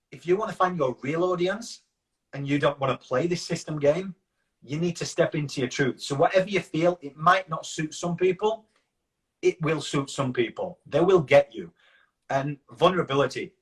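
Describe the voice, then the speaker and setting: A man with a Yorkshire accent, a guest in an interview, telling rambling anecdotes in a casual way and acting out what others said. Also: a little high. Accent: Yorkshire English. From Yorkshire, England.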